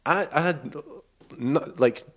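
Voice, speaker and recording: A man telling a cycling trip story in a casual, animated way, acting out quotes and laughing often. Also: a little high, slow. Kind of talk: casual storytelling over footage.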